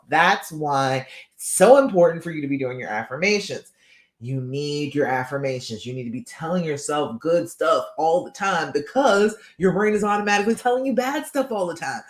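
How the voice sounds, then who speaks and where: A woman's voice: medium pitch, roomy sound. A woman relationship coach gives a live-streamed talk. She sounds tired and keeps checking in with listeners with "okay?" and "all right?".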